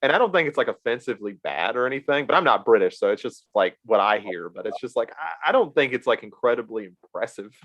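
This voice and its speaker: A young American man co-hosting a film podcast, talking in a relaxed, hedging way full of fillers. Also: mid-range voice, fast talker, hardly any pauses. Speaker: podcast co-host. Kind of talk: casual film chat.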